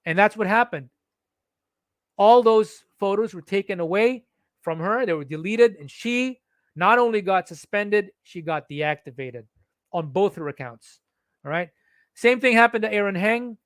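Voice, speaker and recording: A man with a high voice talks straight at his audience, pressing each point and asking himself questions before answering them. The sound is close and dry. He often doubles back on a word mid-sentence. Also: lively intonation, unhurried, a bit bright, dry recording. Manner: insistent, repeats and restarts words, asks and answers own questions. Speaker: social media commentator. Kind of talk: emphatic first-person account to camera.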